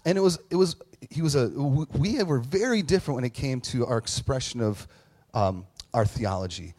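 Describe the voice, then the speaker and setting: A man's voice: medium pitch, animated, normal speed, darkish tone. A man preaching a conversational sermon as a pastor, candid and self-deprecating, telling stories with plenty of fillers and restarts. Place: church with online audience.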